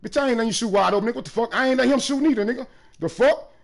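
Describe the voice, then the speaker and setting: A man streaming a basketball video game, taunting other players loudly, often breaking into shouts. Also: very high-pitched, racing, vocal fry. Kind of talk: trash talk during live gameplay.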